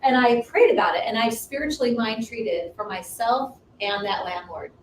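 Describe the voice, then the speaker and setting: A woman with a slightly high voice speaks at normal speed while co-hosting a ministry livestream. She earnestly tells a personal faith story with many restarts, and the audio is roomy and distant with faint noise.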